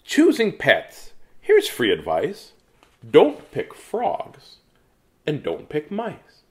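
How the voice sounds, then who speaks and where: A man's voice: fairly high pitch, wildly swooping pitch, very slow, darkish tone. A man reading children's picture books aloud in a playful, jokey way, with asides to viewers. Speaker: children's book reader.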